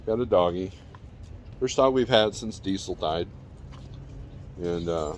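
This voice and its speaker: A man's voice: deep voice, a little slow, long pauses, a little hiss or hum. A man chatting casually in a vlog from his backyard, rambling and calling out to his dog between thoughts. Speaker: vlogger. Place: backyard outdoors.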